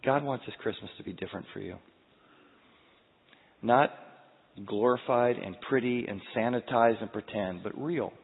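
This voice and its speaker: A man's voice: medium pitch, moderate pace, pauses often, slightly rough. A man in his forties preaching a sermon, telling personal stories in an earnest, confessional way. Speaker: pastor. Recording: phone-like sound with long hall reverb.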